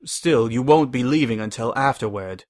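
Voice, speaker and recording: A man voicing a calm, smug male pony agent who schemes. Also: mid-range voice, moderate pace, close to an everyday voice.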